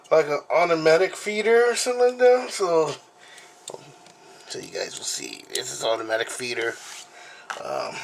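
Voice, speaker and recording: A man hosting a casual unboxing vlog at home, talking in a rambling, halting way with many fillers and apologies, recorded on the camera mic. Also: fairly high pitch, vocal fry, slight background noise. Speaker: video host.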